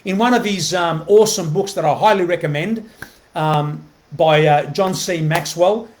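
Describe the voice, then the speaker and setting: A man's voice: high voice, moderate pace, a little hiss or hum. A man hosting a motivational live video, talking earnestly and often checking in with a questioning "right?", repeating phrases as he goes. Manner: earnest, keeps asking "right?" to the viewer; repeats himself, many fillers and restarts. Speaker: motivational host.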